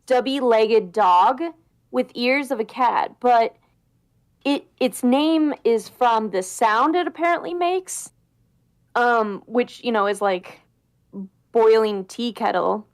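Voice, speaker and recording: A woman's voice: fairly high pitch, slow pace. A woman from Minnesota, chatting casually on a podcast and telling a creepy story with lots of fillers. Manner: animated storyteller, hesitant fillers. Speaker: podcast guest. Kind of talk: casual chat.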